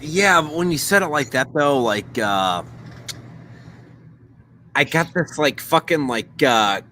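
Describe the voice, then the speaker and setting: A man co-hosting a casual podcast over a video call, spinning a rambling deadpan satire with lots of restarts. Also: a little high, takes it slowly, a little hiss or hum. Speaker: podcast co-host. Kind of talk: casual chat.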